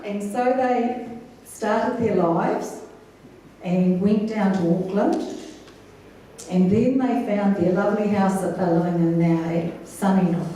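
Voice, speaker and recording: In an echoey wedding reception hall, a woman of medium pitch gives a speech about the couple, telling stories in a warm, measured way and laughing along. The mic is distant and there's slight background noise.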